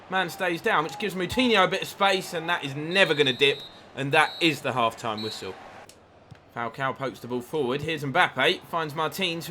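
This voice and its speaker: A man's voice: fairly high pitch, bright, forceful tone, a little hiss or hum. A man giving chatty play-by-play commentary over his own football video game, livening up at big chances. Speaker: gaming YouTuber.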